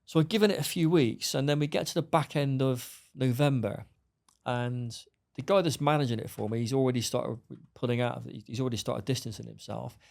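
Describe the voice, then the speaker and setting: Fast-talking gravelly man. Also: medium pitch, a little mellow. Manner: blunt, swearing, acts out dialogue. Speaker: podcast guest. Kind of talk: storytelling interview.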